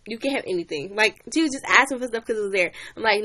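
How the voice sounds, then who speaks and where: A woman's voice: a little high, animated, fast, hardly any pauses, bright, forceful tone. A young woman chatting on a livestream, animatedly telling a story and greeting new viewers. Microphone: webcam or phone mic.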